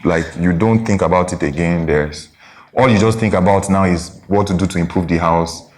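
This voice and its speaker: A young man with a Nigerian accent and a very low, deep voice chats casually as a podcast co-host. He speaks slowly and pauses to search for words, often checking that his listener follows. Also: darkish tone. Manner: slow, searching, often asks "you get?". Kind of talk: casual couple chat.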